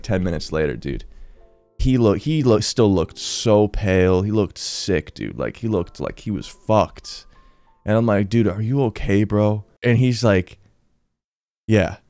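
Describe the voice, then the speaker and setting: A man's voice: deep voice, clean tone, no echo, studio quality. A young man telling a funny story in a casual vlog, full of "dude" and "bro". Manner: slangy, lots of "dude" and "bro", animated retelling.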